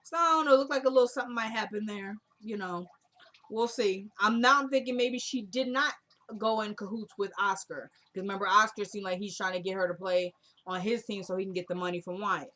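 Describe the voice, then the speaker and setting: A woman casually recapping a TV drama episode, retelling scenes by quoting the characters in a soft murmur. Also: mid-range voice, a little fast. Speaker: TV recap vlogger.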